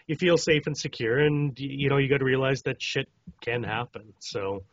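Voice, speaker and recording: A man from Canada, co-hosting a podcast in a relaxed casual chat and laughing easily. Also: mid-range voice, normal speed, dry recording. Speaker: podcast co-host. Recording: dry, dull lo-fi sound.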